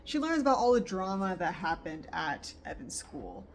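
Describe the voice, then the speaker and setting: A young woman book vlogger chats casually at her countryside home about a novel she's reading, laughing as she reacts. Her voice is on the low side with big pitch swings at normal speed, and there's a little hiss or hum.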